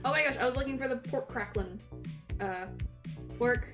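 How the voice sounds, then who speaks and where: A woman's voice: high-pitched, fairly quick, over music. A woman streamer chatting casually with her viewers, teasing them and laughing often.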